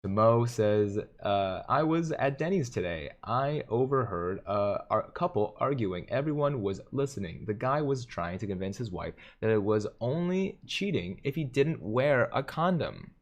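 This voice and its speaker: With an expressive mid-range voice, this host reads out viewer comments on his live stream at a measured pace and with few pauses. He keeps it casual and jokey, frequently chuckling between comments.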